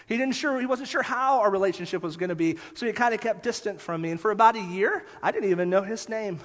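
A man preaching a sermon as pastor, telling lively stories and then dropping quiet for emphasis. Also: high voice, quick pace. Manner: animated storytelling, drops soft for emphasis. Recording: long hall reverb.

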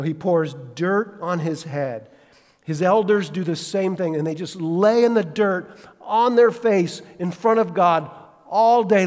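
This pastor's voice is on the high side and trails off into a long reverb as he preaches. His sermon is full of animated stories and acted-out quotes, and he puts direct questions to his listeners.

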